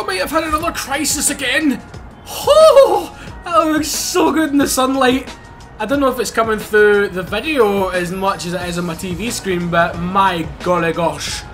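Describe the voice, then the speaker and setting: A young Scottish man with a Scottish accent giving excitable, sweary gameplay commentary while driving a car in a racing game. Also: high voice. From Scotland. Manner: excitable, sweary, laughs often. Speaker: gaming YouTuber. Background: game engine and music.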